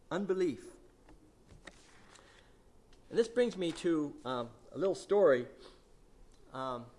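Lively high-voiced man preaching. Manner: conversational, many fillers and restarts, quotes scripture with emphasis. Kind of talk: expository Bible teaching.

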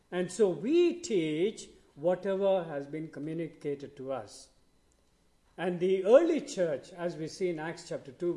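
A man preaching a sermon in a slow, deliberate way, lifting his voice when he quotes scripture. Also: high-pitched, warm tone.

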